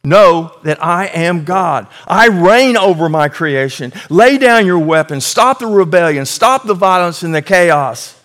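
A booming, stern God figure issues short, loud commands to rebellious nations, as a man puts Him on in his sermon. The delivery is forceful and raised, with a fairly high male voice behind it. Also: animated, unhurried, few pauses. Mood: commanding.

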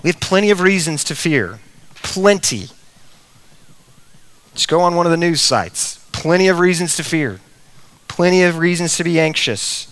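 A middle-aged man preaching a sermon, animated, with big swings in pitch and volume, sometimes speaking straight to the children. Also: no room sound. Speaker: pastor.

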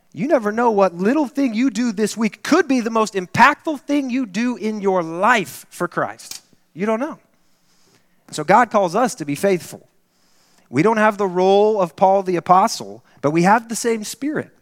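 A male pastor preaching a sermon, telling a story earnestly and drawing it into quiet, intimate encouragement. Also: on the high side. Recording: reverberant church hall.

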